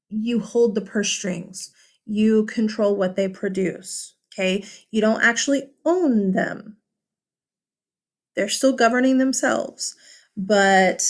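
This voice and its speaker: A woman teacher talking through a vocabulary lesson in a casual, chatty way, with many fillers and tag questions. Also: on the high side. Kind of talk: recorded classroom lesson.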